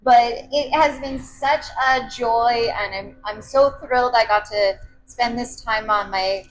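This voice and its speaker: A woman's voice: on the high side, unhurried, rough recording. Effusive woman interviewer, slight background hiss. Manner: enthusiastic, effusive, rambling questions. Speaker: travel interviewer. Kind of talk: casual interview questions.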